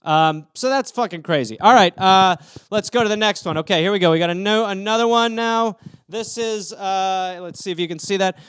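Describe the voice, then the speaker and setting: A man's voice: high voice, moderate pace, fairly bright tone, smooth, no room sound, studio quality. A man hosting a comedy podcast, riffing profanely and rambling into silly scenarios about odd news stories. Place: home room.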